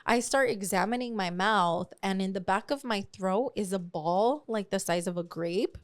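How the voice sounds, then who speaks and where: A woman in her twenties co-hosting a podcast, telling a story in a casual, animated way, swearing freely and slipping into Spanish phrases. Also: medium pitch, moderate pace, no room sound, clean studio sound. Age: 20s. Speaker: podcast co-host.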